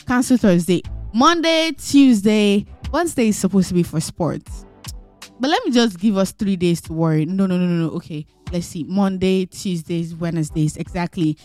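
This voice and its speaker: A young woman hosting a radio show, chatting with callers in an animated, teasing, jokey way. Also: on the low side, moderate pace, soft background music. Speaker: radio host. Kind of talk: playful radio chat. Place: radio studio.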